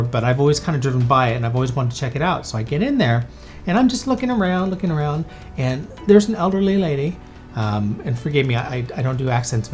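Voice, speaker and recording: Fast-talking male podcast storyteller. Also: medium pitch. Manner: chatty, with many fillers and quick restarts. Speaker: podcast host and photographer. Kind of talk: casual storytelling.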